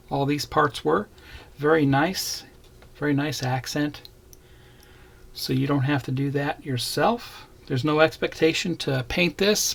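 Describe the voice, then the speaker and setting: Male kit reviewer, raspy low fry in the voice, plain and easygoing unboxing delivery. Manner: plain, unhurried, points out parts as he shows them. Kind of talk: casual unboxing narration.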